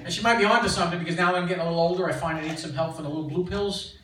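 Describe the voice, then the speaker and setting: An older man performing a stand-up comedy set, delivering deadpan punchlines with filler-laden pauses in a comedy club. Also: high-pitched, heavy background noise. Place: comedy club stage with audience laughter. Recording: echoey club audio, distant, loud crowd.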